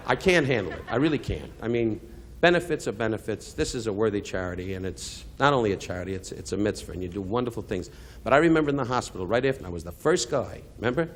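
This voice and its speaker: A man's voice: lowish voice, lively intonation, fast, a little hiss or hum. An older man doing a live insult comedy roast at a benefit, brash and teasing, switching to sincere asides. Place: benefit event hall.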